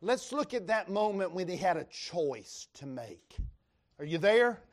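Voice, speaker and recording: A man's voice: high-pitched, very animated, a little slow. A man with a Western North Carolina accent preaching a sermon in a folksy, emphatic way, reading scripture aloud to the congregation. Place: church revival service.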